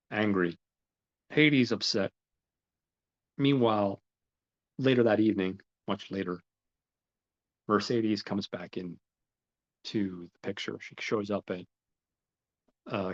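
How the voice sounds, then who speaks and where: A man casually recaps a story, rambling from scene to scene and quoting each character with "he's like." His voice sits low. The recording is muffled and lo-fi. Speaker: podcast host. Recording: dull lo-fi recording.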